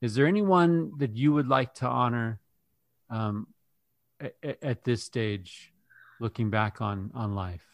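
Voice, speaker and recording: A man's voice: mid-range voice, measured pace, dry recording. A man hosting a podcast, asking reflective questions and often restarting his words as he thinks. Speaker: podcast host. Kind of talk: podcast interview.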